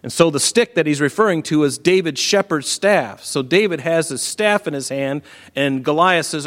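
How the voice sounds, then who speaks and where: Animated male preacher in a reverberant hall. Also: fairly high pitch, moderate pace. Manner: animated storytelling, emphatic repetition, chuckles. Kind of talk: sermon, Bible exposition. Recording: echoey hall.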